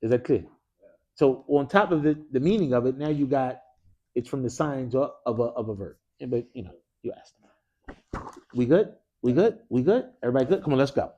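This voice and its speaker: A man's voice: medium pitch, lively intonation, brisk, dark tone, muffled recording. A man teaching an Arabic grammar class in a mosque classroom. He speaks with energy, keeps quizzing his students with "what?" prompts and drops casual slang.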